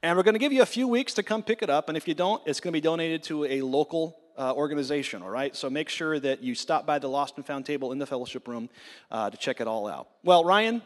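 A male pastor reads out church announcements in a friendly, informal way. His voice sits a little high. It rings out with a long reverb in the church hall. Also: animated, fast. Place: church sanctuary.

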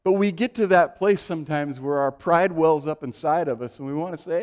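Middle-aged man preaching with lively anecdotes. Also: a little high, brisk. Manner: animated, acts out quoted voices in anecdotes. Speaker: pastor. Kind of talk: sermon with storytelling.

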